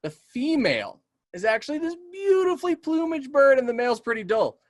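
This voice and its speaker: A community naturalist teaches a casual webinar, fielding audience questions in enthusiastic, chatty talk peppered with ums and okays. His voice is very high-pitched, very animated and fairly quick, though it's getting a bit tired. The studio-quality recording has no echo.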